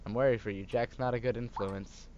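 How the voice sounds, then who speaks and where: A man's voice: medium pitch, fairly even intonation, brisk, darkish tone, highs cut off, slight background noise, close to an everyday voice. A man reading the lines of a strict, worried middle-aged mother in a story game, scolding and nagging. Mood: stern. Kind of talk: reading game dialogue aloud.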